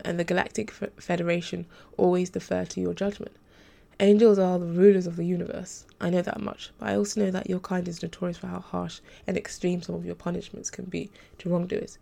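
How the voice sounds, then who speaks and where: A woman's voice: fairly low pitch, fairly even intonation, a little fast, gravelly, dark tone. A woman voicing a curious, direct young trainee. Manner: casual, direct.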